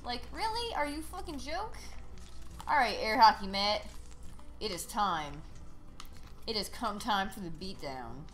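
A woman streaming a video game live, ranting sarcastically and swearing with loud frustrated outbursts. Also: mid-range voice, very animated, a little slow, long pauses. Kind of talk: live gameplay commentary.

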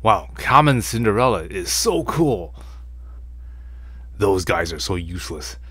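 A man's voice: on the low side, big pitch swings, measured pace, fairly bright tone, husky, heavily acted. A man voicing a plucky, boastful schoolgirl heroine as a masked Cinderella in a comic. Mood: triumphant.

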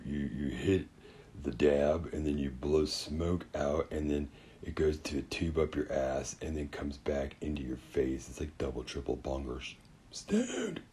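A man's voice: a bass voice, a little hiss or hum. A man doing a rambling stoner comedy monologue with a slurred, drifting drawl.

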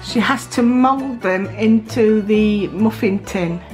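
A woman's voice: medium pitch, slow pace, darkish tone, soft background music. A middle-aged woman with a South Yorkshire accent, chatting casually as she narrates her daughter's baking for a family vlog in a home kitchen. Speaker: mum filming a family vlog.

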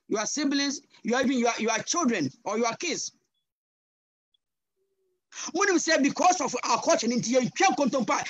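Impassioned Ghanaian preacher, dry sound. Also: male voice, extremely high pitch, dry recording. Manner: impassioned, switching between English and Twi, rising to loud cries. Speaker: guest pastor. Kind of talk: sermon. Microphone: video call.

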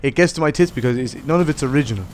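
A man's voice: medium pitch, racing, a little mellow, a little hiss or hum. A young Irishman with an Irish accent, ranting casually to his viewers in a rambling, profane, jokey way. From Ireland. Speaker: gaming vlogger. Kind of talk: casual rant to camera.

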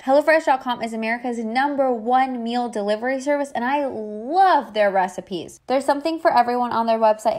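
A woman's voice: fairly high pitch, a little mellow. A young woman talking casually through her vlog, joking and poking fun at herself as she cooks and tastes food. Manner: jokey, self-mocking, chatty. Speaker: vlogger. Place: home kitchen.

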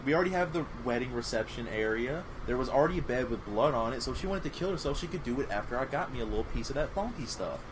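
A man doing casual gameplay commentary, loud and crude, often yelling. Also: mid-range voice, expressive, fast, hardly any pauses, background noise. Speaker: let's play gamer. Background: game music.

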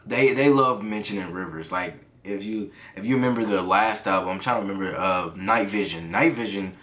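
Excitable man reviewing music, bright tone. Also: low-pitched. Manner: excitable, bursts into exclamations. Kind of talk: casual reaction commentary.

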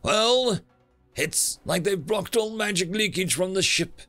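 A man's voice: high-pitched, lively intonation, measured pace, a bit bright, faint music behind, voice pushed up. A man voicing a nervous male alien officer reporting in a narrated sci-fi story. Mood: uneasy. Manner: hesitant, breathless reporting.

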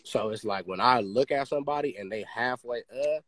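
A man talking in a casual podcast chat, excitable and swearing freely, his pitch jumping high when he gets worked up. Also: a little fast. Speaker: podcast host.

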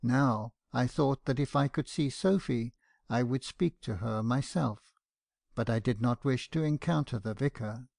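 A male audiobook narrator with a gravelly, fry-touched voice at a middle pitch. He reads in a measured first-person manner. The recording is dry and close, with no room echo. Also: darkish tone. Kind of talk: scripted narration.

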